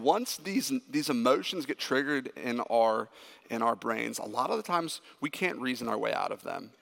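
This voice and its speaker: A man preaching a sermon as a pastor, emphatic and animated when he tells stories. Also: medium pitch, gravelly. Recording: echoey hall with long reverb.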